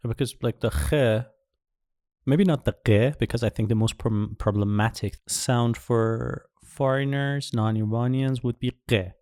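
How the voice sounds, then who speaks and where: A man from Iran co-hosting a podcast, talking casually and haltingly, unable to roll his R. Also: mid-range voice, darkish tone, no echo, clean studio sound. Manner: halting, restarts often, cannot roll R. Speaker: podcast co-host. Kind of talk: casual chat.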